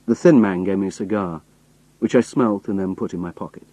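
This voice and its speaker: A man reading a story aloud in first person, steady and storytelling, voicing the characters. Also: sits low, fairly quick, no echo, low-quality recording. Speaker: audiobook reader.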